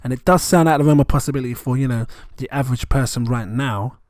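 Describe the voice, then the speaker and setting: A man, rambling excitedly and chuckling often as he talks through numbers in a casual vlog. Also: medium pitch, fast, no room sound, studio quality. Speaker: crypto vlogger.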